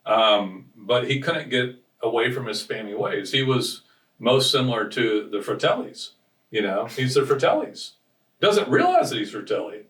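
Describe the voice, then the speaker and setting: A man's voice: medium pitch, sing-song, normal speed, fairly bright tone, far from the mic. A man co-hosting a business podcast, telling stories in a rambling, casual way with frequent restarts. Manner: rambling storyteller, restarts often. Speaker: podcast co-host. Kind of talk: casual chat. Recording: roomy sound from off-mic.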